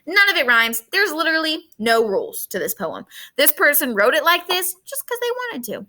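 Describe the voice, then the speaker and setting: Woman teacher, bright voice, very lively pitch, emphatic, speaks straight to the class. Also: moderate pace. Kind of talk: recorded classroom lesson.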